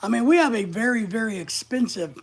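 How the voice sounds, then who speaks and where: An older woman chats her way through a live stream, rambling from one thought to the next. Her voice is gravelly and a bit husky, with a comfortable, unhurried feel. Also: a little high, expressive. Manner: rambling, chatty, reads out viewer comments. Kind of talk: casual live-stream chat.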